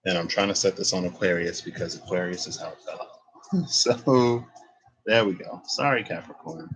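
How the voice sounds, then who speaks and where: A man's voice: low-pitched, moderate pace, fairly bright tone, a little hiss or hum, rough recording. A young man giving a casual tarot reading, rambling and thinking aloud as he corrects himself. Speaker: tarot reader.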